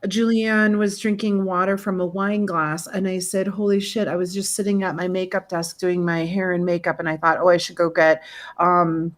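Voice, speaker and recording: A woman hosting a podcast chats over a video call. She talks in an animated, gushing way and drops a swear word now and then. Her pitch sits in a middling range. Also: normal speed, hardly any pauses. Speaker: podcast host. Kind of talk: casual chat.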